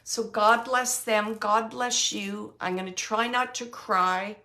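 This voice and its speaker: A woman working as a psychic medium, giving an earnest, emotional spirit reading. She laughs often and sometimes drops to a soft hush. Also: on the high side, fairly even intonation, slow. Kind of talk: live spirit reading for a sitter.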